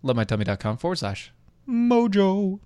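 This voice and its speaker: Studio-quality, echo-free audio captures a podcast co-host whose voice sits high, with a dark yet clean tone, big pitch swings, and normal speed. He rambles through casual conversation, restarting and making sarcastic asides, and reads an ad in the middle.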